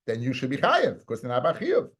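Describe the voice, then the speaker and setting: A man's voice: mid-range voice, huge pitch swings, fairly quick, a bit bright, slightly rough. Conversational male rabbi teaching Talmud. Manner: conversational, repeats words, mixes Hebrew and Aramaic terms. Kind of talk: Talmud study lesson.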